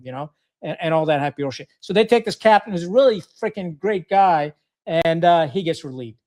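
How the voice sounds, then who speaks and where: A middle-aged man, a retired military officer, telling a long story in a podcast interview in a blunt, profane, animated way. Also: high voice, fast talker.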